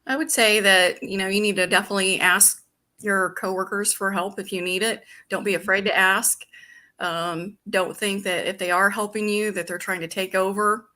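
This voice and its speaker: Bright-voiced woman dispatch supervisor. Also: mid-range voice, steady tone, moderate pace. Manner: plain-spoken, laughs between answers. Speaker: retiring emergency dispatch supervisor, guest. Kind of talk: casual interview answers.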